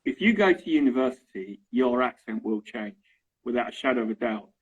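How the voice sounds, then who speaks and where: A man's voice: medium pitch, animated, a little fast, slightly rough. A middle-aged man with an Estuary English accent from London, chatting casually as an English teacher and checking in with "right?" and "okay?"; dull lo-fi recording. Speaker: English teacher, interview guest. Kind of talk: casual explanatory chat.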